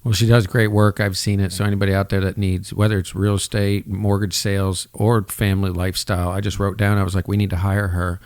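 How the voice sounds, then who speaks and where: A man's voice: lowish voice, little pitch movement, fast talker, hardly any pauses, no room sound. A man hosting a casual interview, friendly and asking short prompting questions. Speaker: interview host.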